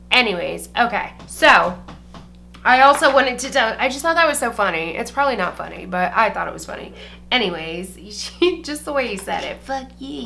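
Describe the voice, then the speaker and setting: A woman's voice: mid-range voice, sharp tone, a little hiss or hum. A young woman chatting casually while doing her makeup, a beauty vlogger who talks loosely, swears freely and says "like" constantly. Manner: chatty and profane, heavy use of "like".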